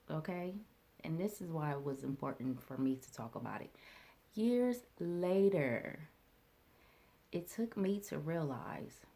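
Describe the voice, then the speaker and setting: A woman speaks slowly in a low, gravelly voice with a mellow, dark tone. She tells a personal story in a reflective, halting way, pausing on fillers and restarting her sentences. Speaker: vlogger.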